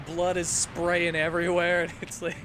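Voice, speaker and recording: A man streaming a game, chatting casually and retelling a film in a halting, rambling way. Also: high voice, completely flat delivery, noisy background. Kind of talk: casual chat while gaming. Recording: faint game music behind.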